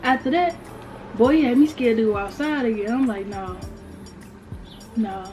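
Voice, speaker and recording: Eating through a casual storytime, a young woman vlogger talks briskly in a slightly high, animated voice. She uses slang and drives points home by saying them twice, while faint music plays beneath.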